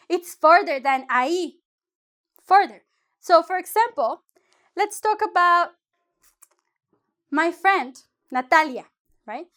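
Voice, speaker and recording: A woman's voice: high-pitched, bright, forceful tone. A woman from Mexico, teaching a casual online lesson in a rambling, chatty way with lots of self-corrections. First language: Spanish. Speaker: Spanish teacher.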